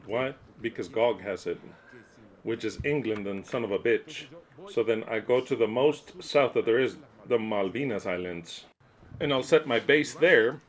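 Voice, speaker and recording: A man interpreting a sermon aloud, emphatic, dropping to low muttering and then rising to loud outbursts. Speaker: interpreter voicing a preacher.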